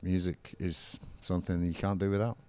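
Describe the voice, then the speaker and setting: A man's voice: low-pitched, little pitch movement, brisk, warm tone, clean tone, no echo. A middle-aged man in a casual interview, telling stories in an enthusiastic, rambling way. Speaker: interview guest, former football manager and musician. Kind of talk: casual chat.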